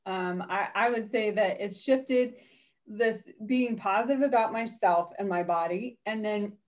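A woman in her forties, a mother, telling stories from home in a relaxed chat and laughing now and then. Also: mid-range voice, unhurried. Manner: warm storytelling with laughter. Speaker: guest, mother in a weight program. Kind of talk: casual conversation.

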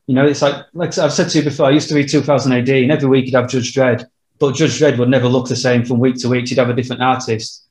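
A man's voice: medium pitch, flat delivery, quick pace, darkish tone. A man co-hosting a casual podcast chat, hesitant, with many "um" and "I don't know". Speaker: podcast co-host. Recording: roomy echo.

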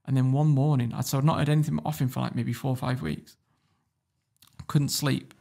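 A man's voice: medium pitch, steady tone, fairly quick, creaky, mellow. A man telling a story as a podcast guest, blunt and swearing freely, laughing as he goes. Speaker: guest entrepreneur. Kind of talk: casual storytelling.

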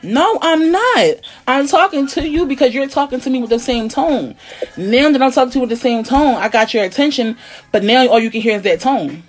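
A woman in casual chat, talking bluntly and emphatically, often swearing, sometimes dropping to a low, quiet tone. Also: brisk, faint music behind. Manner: blunt, profane, emphatic venting; drops to a low, quiet tone to make a point. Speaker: conversation partner.

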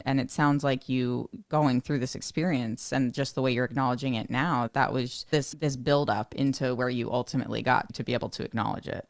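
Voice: mid-range voice, dry recording. Thoughtful interviewer, dry close sound. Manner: thoughtful, measured, reflects the guest's words back. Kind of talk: reflective interview questioning.

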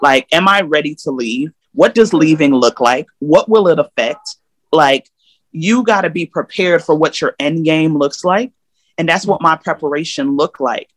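A woman's voice: sits low, dry recording. Candid woman guest, dry close sound. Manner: candid, emphatic storytelling. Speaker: podcast guest. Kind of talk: casual interview.

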